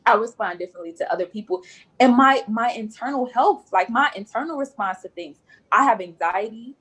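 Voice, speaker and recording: A woman's voice: a little high, animated, a little fast, a bit bright, husky, poor audio. A woman nurse speaking as a guest on a podcast, earnest and repeating phrases for emphasis. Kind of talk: podcast interview.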